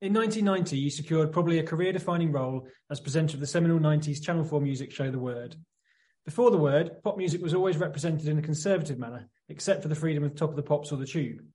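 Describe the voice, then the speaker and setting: Guy reading interview questions, quick and mellow. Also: fairly high pitch. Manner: formal, scripted questions.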